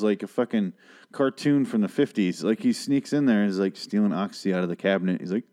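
A man with a fairly low voice hosts a laid-back episode review. He talks in a rambling, sarcastic way and swears freely as he goes. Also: animated, fairly quick, dark tone. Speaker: host of a TV review show.

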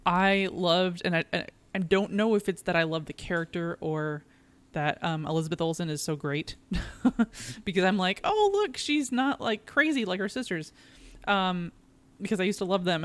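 A woman's voice: fairly low pitch, steady tone, normal speed, clean tone. Chatty laughing podcast woman. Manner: chatty, laughs easily, hesitant fillers. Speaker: podcast co-host. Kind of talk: casual chat.

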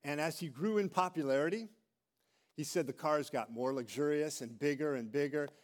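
A middle-aged man preaching a sermon as a pastor, telling stories with animated delivery and acting out quoted voices. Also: on the high side, moderate pace.

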